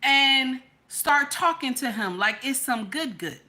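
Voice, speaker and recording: A woman's voice: sits high, expressive, takes it slowly, bright, forceful tone. A woman telling a personal story as relationship advice, emphatic and constantly checking in with her listeners. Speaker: vlogger giving relationship advice.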